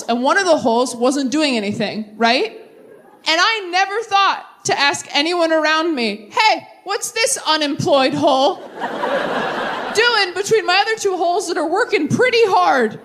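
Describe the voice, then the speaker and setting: A woman in her thirties performing a stand-up set, riffing quickly and mocking herself as she works the crowd. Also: extremely high pitch, lively intonation, a bit bright. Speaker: stand-up comedian. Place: large comedy venue with a live audience. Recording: live stage recording with audience noise.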